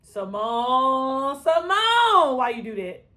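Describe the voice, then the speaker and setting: A woman's voice: high voice, slow. Exasperated woman reacting to TV. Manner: animated, exasperated, talks back to characters on screen. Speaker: TV reaction reviewer. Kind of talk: casual reaction commentary.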